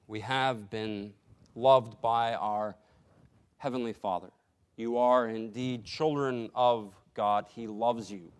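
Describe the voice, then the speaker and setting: A man preaching a sermon in a slow, deliberate way, pausing for emphasis. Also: medium pitch, steady tone, clear, resonant tone. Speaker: pastor.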